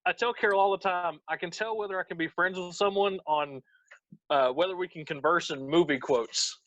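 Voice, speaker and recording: A man in a casual round-table chat, chiming in with quick quips and retelling stories. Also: high-pitched, a bit bright, no room sound, lo-fi sound.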